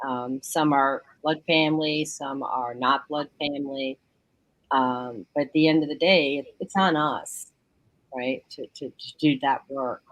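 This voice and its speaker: A woman's voice: very deep voice, measured pace, no echo, rough recording. A woman guest on a call-in talk show who speaks from her bedroom and tells stories animatedly, acting out what others said. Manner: animated storyteller, acts out quotes. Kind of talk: casual radio talk. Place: home bedroom.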